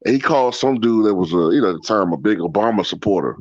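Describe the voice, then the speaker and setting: A man's voice: lowish voice, expressive, fast, a little mellow, no room sound. Profane laughing man in casual chat. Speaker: channel host. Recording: dull, dry lo-fi sound.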